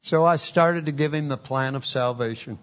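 A man's voice: on the high side, moderate pace, a bit bright. A man preaching a testimony in an earnest, folksy storytelling way, on a dull lo-fi recording.

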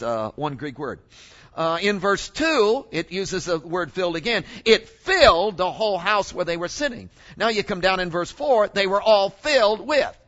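A man preaching a sermon in an animated way, often exclaiming and asking the congregation questions. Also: sits high, highs cut off.

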